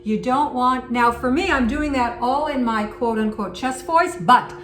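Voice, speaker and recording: A woman's voice: high voice, measured pace, fairly bright tone, faint music behind. A woman teaching singing in a conversational, encouraging way, breaking off to demonstrate sung vowels. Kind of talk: vocal lesson with sung demonstrations. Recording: echoey room with faint background noise.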